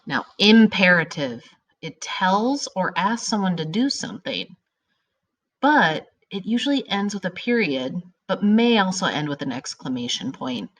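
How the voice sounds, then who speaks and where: A woman teaching a grammar lesson to children. She talks in an upbeat, animated way and stretches out her example sentences for effect. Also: on the low side, a little slow.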